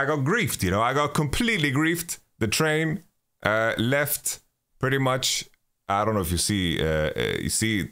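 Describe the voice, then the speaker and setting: Low-pitched and fairly bright, this man's voice hosts his own podcast. He spins a loose travel story with lots of swearing, frequent restarts, and a steady stream of "you know."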